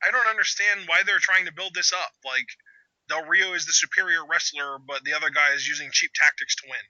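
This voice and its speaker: A man's voice: a little high, steady tone, brisk, pushed and bright, dry recording, muffled recording. A young man hosting a live reaction chat, exclaiming, groaning and arguing with his co-host. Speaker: channel host.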